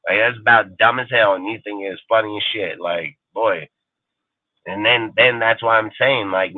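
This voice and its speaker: Low-voiced man ranting profanely. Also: no room sound. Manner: profane, heated, rambling. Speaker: fan show host. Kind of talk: ranting livestream talk. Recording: tinny phone-like sound, dry.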